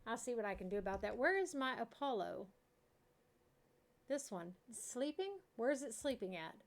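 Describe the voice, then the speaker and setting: A woman's voice: on the high side, animated, normal speed, creaky, slight background noise. A middle-aged woman chatting casually with viewers while streaming a farm sim, laughing often and talking to the game animals. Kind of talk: casual live-stream chat.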